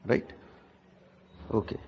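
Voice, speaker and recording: A man teaching a pronunciation lesson to students, speaking slowly and often checking in with "right?". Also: highs cut off, a little hiss or hum. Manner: slow and deliberate, checks in with "right?". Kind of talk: classroom lecture on pronunciation.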